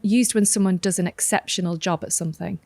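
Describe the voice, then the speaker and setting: A woman's voice: fairly low pitch, fairly even intonation, fast talker, vocal fry, darkish tone, no echo. A woman from Yorkshire co-hosts a podcast in easy, chatty talk. She acts out family conversations as she goes. Her voice sits close and dry, with no room around it. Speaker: podcast co-host. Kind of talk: casual chat.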